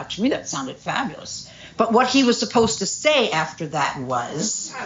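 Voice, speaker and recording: A woman's voice: low voice, expressive, brisk, fairly bright tone, dull audio, slight background noise. A middle-aged woman speaking at a recovery meeting, telling her story candidly with lots of fillers. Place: meeting room.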